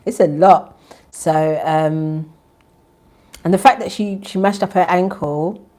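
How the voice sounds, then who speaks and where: Low-voiced, soft-spoken woman. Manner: deliberately soft, low-volume talk; chatty and animated, with bursts of laughter. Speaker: spiritual channel host and tarot reader. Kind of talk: casual chat to viewers, then a spoken prayer.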